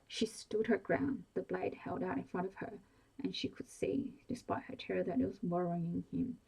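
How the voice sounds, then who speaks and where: Low whispery woman reading a bedtime story. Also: steady tone, normal speed, gravelly, husky, rough recording. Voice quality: soft whispery delivery. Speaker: audiobook reader.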